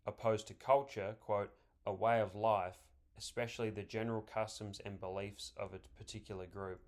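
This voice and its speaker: Low-voiced man reading measured commentary. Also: little pitch movement, a little mellow. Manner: measured, deliberate reading with stressed words. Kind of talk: scripted political commentary, reading quotes aloud.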